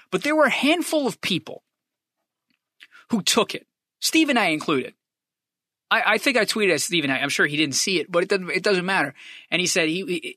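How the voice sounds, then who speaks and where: Fired-up male podcast host, swears freely, bright forceful tone. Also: high-pitched, a little fast, pauses often, no room sound, studio quality. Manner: profane, fired-up, repetitive emphasis; lively swings between loud and hushed. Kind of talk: impassioned sports fan rant.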